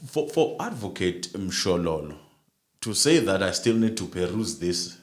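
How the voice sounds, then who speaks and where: A man co-hosting a live stream, giving his views in halting speech full of repeated words and fillers. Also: sits low, sing-song. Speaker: livestream co-host commenting on a court case. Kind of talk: casual live commentary.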